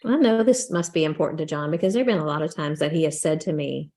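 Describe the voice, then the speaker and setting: A woman's voice: sits low, quick pace, dark tone. A woman co-hosting a casual faith-based talk show, telling stories in a rambling way with repeated words and acted-out quotes. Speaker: podcast co-host. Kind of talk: casual chat.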